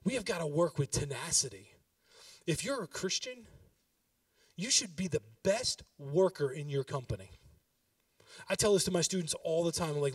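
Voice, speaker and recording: Man preaching, fairly high voice, distant and dry sound, conversational then emphatic. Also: animated, normal speed, dry recording. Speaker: pastor. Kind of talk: sermon.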